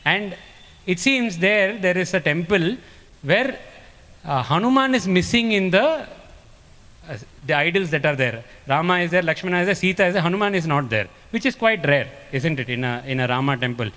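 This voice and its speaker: A man's voice: high-pitched, animated, moderate pace, bright, forceful tone. A man giving an earnest spiritual discourse, telling stories and repeating key phrases for emphasis, in a large ashram hall. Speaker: speaker at a spiritual gathering. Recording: long hall reverb.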